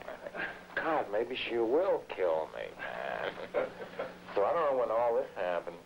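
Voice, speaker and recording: A man's voice: fairly low pitch, wildly swooping pitch, slow, slight background noise, rough recording. A man telling a rambling, profane story in slangy talk, acting out the voices of the people in it. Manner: gruff, slangy, acts out quoted voices. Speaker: writer being filmed at home.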